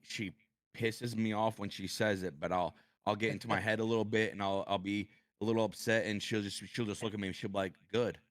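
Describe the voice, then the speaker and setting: A man with a very deep voice speaks as a podcast guest, starting and restarting his sentences as he talks about his past. The sound is close and dry, with no room around it. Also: smooth, dry recording. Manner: halting, repeats words, opens up about hard past. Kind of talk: personal interview conversation.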